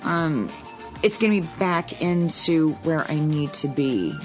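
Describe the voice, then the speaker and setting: Low-pitched woman co-host, earnest and frank, faint music underneath. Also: expressive, takes it slowly. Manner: earnest and explanatory, with frank asides. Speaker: podcast co-host. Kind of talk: casual chat.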